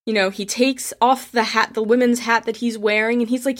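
A woman's voice: a little high, steady tone, a little fast, few pauses. A woman telling history stories casually, with emotion, acting out the voices of the people she quotes. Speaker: history storyteller. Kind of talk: casual spoken history storytelling.

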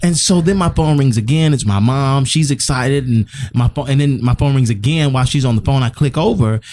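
A man telling a personal story as a guest on a talk show, animated and laughing often. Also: mid-range voice, brisk.

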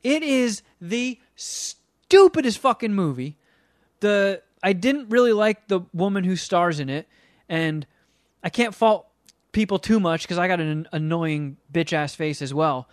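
A man's voice: sits high, unhurried, smooth, no room sound, clean studio sound. A man on a podcast ranting about a movie he hated in a casual, profane, exasperated way. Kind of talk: casual comedic movie rant.

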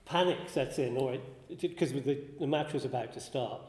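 A man's voice: mid-range voice, normal speed, a little mellow. A man from northern England giving a talk to an audience, telling an anecdote in a wry, self-deprecating way. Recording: echoey hall.

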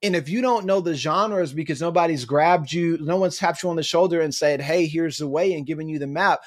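A young adult man, a guest author, chatting casually on a podcast and telling animated stories with acted-out quotes. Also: a little high, fairly quick. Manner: animated storyteller who acts out quotes.

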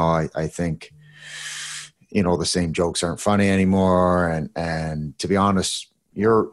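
A former hockey player in a casual podcast chat with a very deep voice. He talks in an easygoing way and uses a lot of fillers and agreeing remarks.

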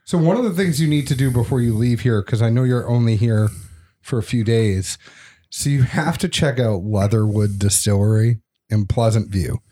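A man's voice: medium pitch, moderate pace, mellow. A man with a Southern American accent, a podcast guest telling jokes and stories in casual chat. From Tennessee. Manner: joking, storytelling.

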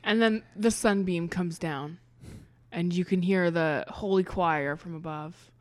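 A woman's voice: lowish voice, unhurried. A woman co-hosting a comedy podcast, telling a silly story playfully. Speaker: podcast co-host. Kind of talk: casual comedy podcast chat.

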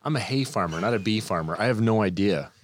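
A man's voice: on the low side, expressive, quick pace. A man, a podcast guest, tells a rambling story in casual chat, often breaking off and restarting. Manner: rambling, self-interrupting storyteller. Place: room with other people and mics. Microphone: studio mic.

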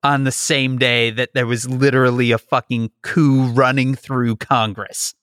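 A man co-hosting a casual political chat, profane and mocking, slipping into quick impressions. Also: medium pitch, little pitch movement, fairly bright tone, no echo, clean studio sound. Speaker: podcast co-host.

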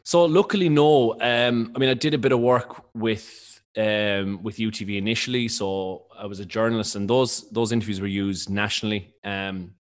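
A man from County Limerick with a mild Irish accent, a radio presenter answering interview questions in a rambling, quick, self-correcting way. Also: fairly low pitch, fairly even intonation. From Ireland, County Limerick. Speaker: radio presenter and stage co-host.

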